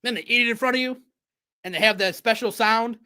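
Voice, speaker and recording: A man hosting a casual sports talk show, riffing in an animated, jokey way with sudden loud bursts. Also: extremely high pitch, a little fast, clear, resonant tone.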